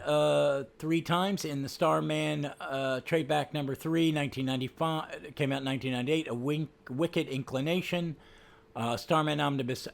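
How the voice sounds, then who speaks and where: A man's voice: a little high, gravelly. A man hosting a casual comic book podcast, chatty, with frequent ums and restarts. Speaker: podcast host.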